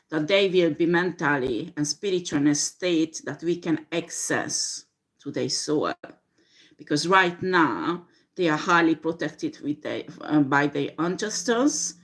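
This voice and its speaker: Slow, low-voiced woman doing a tarot reading. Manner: slow, hesitant, many fillers. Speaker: tarot reader. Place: home with a dishwasher running.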